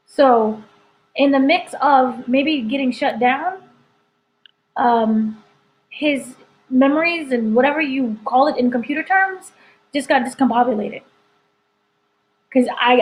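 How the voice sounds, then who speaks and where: Reviewing a TV episode with spoilers, a woman entertainment editor chats loosely and rambles, leaning heavily on "like" and "you know." Her voice is high-pitched and the audio quality is poor.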